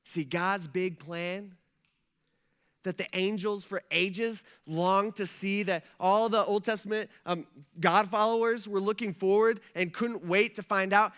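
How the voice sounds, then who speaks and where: Bright-voiced, animated male pastor. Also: sits high, slow, clean tone. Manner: conversational and animated, with many fillers. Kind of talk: sermon.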